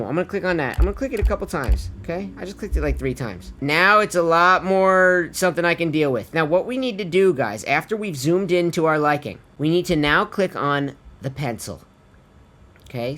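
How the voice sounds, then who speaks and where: A man's voice: on the high side, a bit bright. A man casually walking viewers through a vocal tuning tutorial, chatty and laid-back, swearing offhand and calling the viewers his friends. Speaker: music producer teaching vocal tuning. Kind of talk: casual screen-recorded tutorial.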